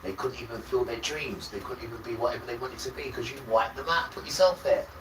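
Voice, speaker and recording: A man on a livestream delivering an impassioned religious rant, preachy and accusing. He swings from loud outbursts to low muttering. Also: fast talker. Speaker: livestream host. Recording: roomy, distant mic with loud background noise.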